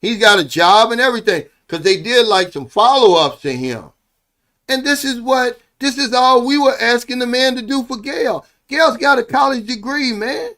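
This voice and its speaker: A middle-aged man with a notably high voice talks straight to his viewers in a loose, wandering vlog monologue. He sounds earnest and heartfelt and tags "man" onto the ends of many phrases. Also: animated, moderate pace, pushed and bright. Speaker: vlogger living abroad. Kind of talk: casual monologue.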